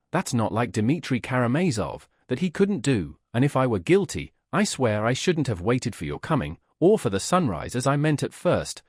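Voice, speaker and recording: An accused young man pours out fierce, desperate protests, his husky voice rising and falling with feeling, as a narrator reads him. The voice is lively and dry, close and without room sound. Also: mid-range voice, no echo. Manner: impassioned, bursting outbursts.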